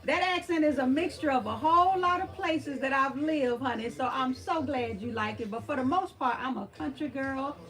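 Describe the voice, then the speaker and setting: A woman's voice: high voice, normal speed, few pauses, fairly bright tone. A woman with a Southeast Texas country accent hosts a live stream, answering the chat in a folksy way and calling viewers honey and girl.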